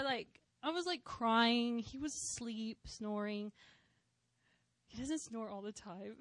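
A woman's voice: a little high, fairly bright tone, no room sound. A woman in her thirties sharing a personal testimony in church, heartfelt and conversational with touches of light humor.

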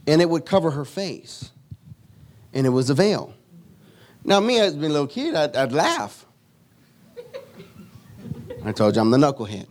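A man preaching a sermon, moving from solemn teaching to lively storytelling. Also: on the high side, normal speed, long pauses. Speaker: pastor.

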